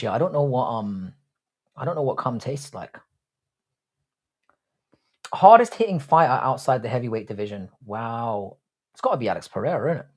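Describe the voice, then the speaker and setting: A young man hosting a live stream, reading out viewer comments and answering them with crude, cocky banter and calling himself "your boy". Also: medium pitch. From Britain. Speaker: livestream host.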